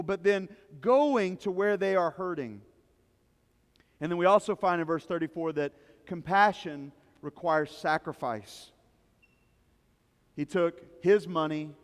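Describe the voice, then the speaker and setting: A man's voice: high-pitched, long reverb tail. A male pastor preaching a sermon, emphatic and repetitive, telling stories to make his points. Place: church service in a large rented hall.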